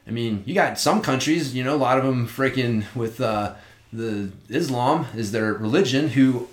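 A man in casual podcast chat, talking in an animated, rambling way and swearing often. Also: mid-range voice, moderate pace. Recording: roomy echo.

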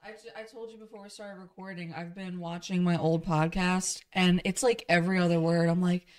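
A woman hosting a podcast, chatting casually and breaking in with quick agreement. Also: on the low side, fairly even intonation. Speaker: podcast host. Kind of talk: casual chat.

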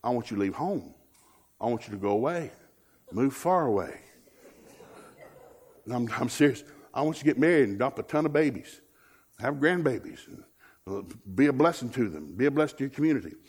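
Husky preacher, joking. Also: male voice, medium pitch, fairly quick, long pauses. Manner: lively, joking, mimics whiny voices. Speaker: guest preacher. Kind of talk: sermon.

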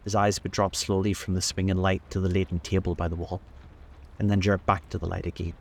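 A male host reading a classic novel aloud in a measured, unhurried way. His voice is very deep, and his delivery stays steady throughout. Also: vocal fry. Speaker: narrator, host. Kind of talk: audiobook-style novel reading.

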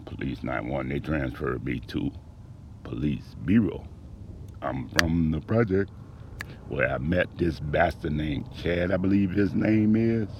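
A man delivering a rhythmic spoken-word monologue about a personal grievance, profane and aggrieved, swinging between low mutters and loud outbursts. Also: vocal fry, lo-fi sound, slight background noise. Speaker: storyteller recounting a personal grievance.

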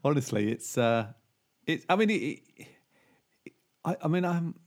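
A man's voice: a little high, lively intonation, measured pace, a little mellow. A man in casual chat about TV, talking hesitantly with many fillers and frequent laughs. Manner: chatty, hesitant, laughs often.

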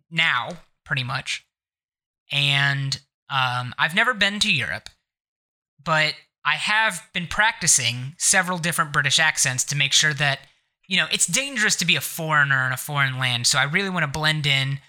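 A man's voice: on the high side, pushed and bright. A man co-hosting a podcast, talking casually with lots of fillers. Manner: rambling, filler-heavy, giggly. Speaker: podcast co-host. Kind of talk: casual chat.

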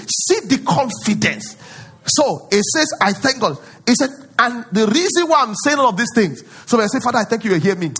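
A male pastor preaching a sermon, acting out prayers in a pleading voice and rising to loud declarations. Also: very high-pitched, big pitch swings, fairly quick, slightly rough.

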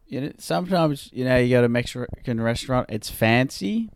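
A woman's voice: rumbling low, animated, fairly quick, a little mellow, dry recording, clean studio sound. A woman co-hosting a comedy podcast, riffing casually and laughing a lot. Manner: laughs a lot, riffs into shrieking rants. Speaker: podcast co-host.

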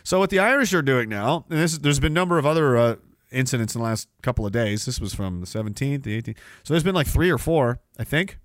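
A man's voice: medium pitch, lively intonation, fast, dry recording, clean studio sound. A man hosting a podcast, delivering rambling political commentary in a sarcastic, profane way. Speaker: podcast host. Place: Canada.

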